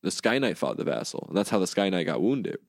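A young man co-hosting a casual podcast chat, excitable and swearing as he retells scenes. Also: deep voice, quick pace, vocal fry, no echo, studio quality. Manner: excitable, swears, acts out scenes in goofy voices. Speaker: podcast co-host. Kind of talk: casual chat about a cartoon series.

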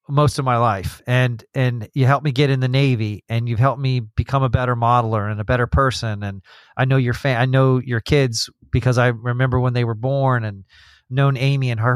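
A man hosting a casual podcast talk, mid-pitched, rambling through stories with restarts and little acted-out quotes. The sound is dry and close, with no room around him. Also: no echo. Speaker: podcast host. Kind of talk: casual chat.

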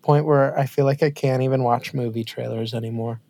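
A man's voice: mid-range voice, fairly even intonation, a little fast, mellow, no room sound. Emphatic man griping, dry sound. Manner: complaining, emphatic. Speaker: podcast co-host. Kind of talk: casual chat.

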